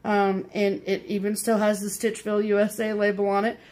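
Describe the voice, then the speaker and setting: A woman's voice: medium pitch, monotone, fairly quick, darkish tone. Gushing, enthusiastic woman co-host. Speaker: co-host of a cross-stitch show. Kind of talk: casual chat to viewers.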